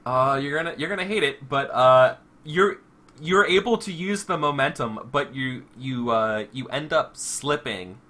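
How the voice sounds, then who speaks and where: A man's voice: mid-range voice, a little slow, sharp tone. A man running a tabletop game as game master, narrating with lots of fillers and restarts. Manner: hesitant, full of fillers and restarts.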